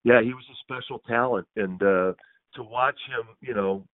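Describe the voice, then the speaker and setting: A man's voice: medium pitch, normal speed, dry recording. A man who works as a radio sports broadcaster, answering interview questions in a thoughtful way that builds in enthusiasm. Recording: dull, slightly lo-fi audio, dry.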